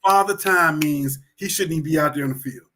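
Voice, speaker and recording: A man with a slightly high voice co-hosts a casual sports talk show. He talks in a laid-back, reflective way, musing over his own past and the game. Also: brisk, pushed and bright, slight background noise.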